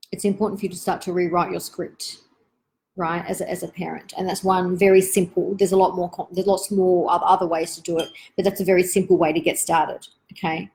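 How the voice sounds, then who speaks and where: A woman, hosting a live online Q&A for parents in a gentle, reflective, chatty way with many asides. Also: on the low side, poor audio.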